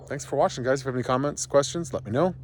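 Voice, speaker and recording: A homesteading vlogger talks rapid-fire in a medium-pitched voice, out of breath as he walks outside past his barn and driveway. Rambling and easygoing, he explains his project into an action camera. A little hiss or hum is audible.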